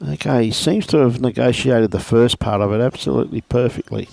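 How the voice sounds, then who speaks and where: A man's voice: mid-range voice, fairly quick, vocal fry, dark tone, no echo. A man commentating lawn bowls in a laid-back, jokey way. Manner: laid-back, chatty, jokey, calls players mate.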